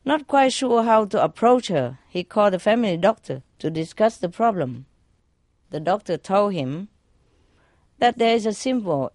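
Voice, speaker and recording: A woman's voice: mid-range voice, a little mellow, dry recording, studio quality. A woman reading jokes aloud in a casual way, laughing at her own punchlines. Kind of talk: casual joke telling.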